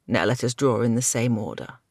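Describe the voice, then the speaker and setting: A man's voice: medium pitch, a little fast, no echo, studio quality, pitched below the performer's own voice, natural voice. A man voicing a lofty proud knight. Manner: lofty, formal.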